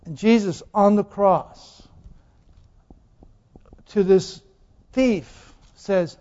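A man's voice: sits high, drawn-out words, pauses often, warm tone. A man preaching a sermon, putting questions to the congregation and repeating phrases for emphasis. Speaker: pastor. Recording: dull lo-fi sound with long hall reverb.

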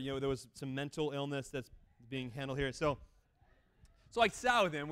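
A man telling a faith testimony as an animated story with self-deprecating humor, swinging between loud exclamations and quiet asides. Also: medium pitch. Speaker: speaker sharing a mission testimony. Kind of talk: storytelling talk.

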